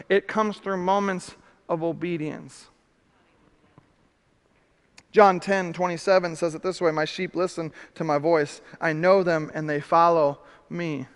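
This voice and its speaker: A male pastor preaching a sermon, animated, swinging from loud emphasis to hushed questions. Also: a little high, clean tone. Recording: reverberant hall.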